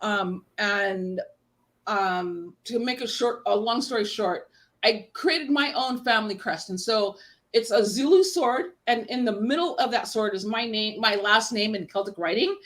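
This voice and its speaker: A woman's voice: medium pitch, unhurried, a bit bright. An American woman telling a long rambling story in casual chat, acting out the people she quotes. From United States. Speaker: guest panelist.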